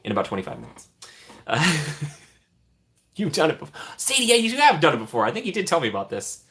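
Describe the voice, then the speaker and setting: A man's voice: a little high, wildly swooping pitch, fairly quick. Chatty young man hosting a live stream. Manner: chatty, laughs often, trails off into soft mumbles. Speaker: livestream host. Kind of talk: casual live-stream chat.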